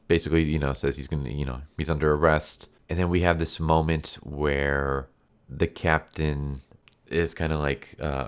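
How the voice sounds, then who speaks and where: Very deep-voiced man, rambling recap. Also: fairly even intonation, moderate pace, smooth. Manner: rambling, heavy use of 'like' and 'um'. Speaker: anime movie reviewer. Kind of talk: casual plot recap.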